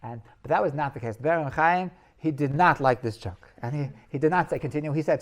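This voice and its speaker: A male rabbi tells stories in a Torah class, rambling, restarting phrases, and laughing at his own tales. His voice is fairly high, and he speaks a little fast with few pauses.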